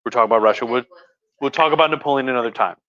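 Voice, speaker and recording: A man's voice: medium pitch, very fast, a bit bright. A man who is a history professor, tipsy on wine, telling history in a rambling, jokey way with many restarts on a livestream. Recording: slightly muffled livestream audio.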